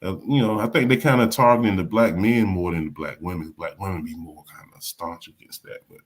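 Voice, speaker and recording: A man hosting a casual political chat, talking in an animated way, repeating words and acting out quotes. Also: low voice, fairly quick. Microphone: live stream mic.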